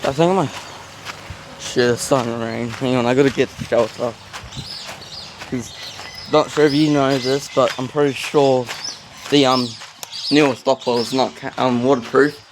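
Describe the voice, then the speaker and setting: A man's voice: mid-range voice, fairly even intonation, moderate pace, pauses often, noisy background. Rambling man vlogging outdoors at a zoo. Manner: rambling, self-aware chatter with filler words. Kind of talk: casual walking vlog. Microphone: handheld phone camera.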